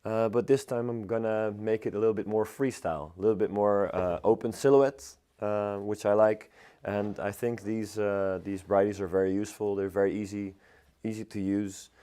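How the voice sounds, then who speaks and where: A hoarse man teaching floristry on a live stream, talking in a halting, chatty way with lots of filler sounds. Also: on the low side, steady tone, mellow. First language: Dutch. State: hoarse, strained voice. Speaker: florist teacher hosting a livestream. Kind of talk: live demonstration, chatty and unscripted.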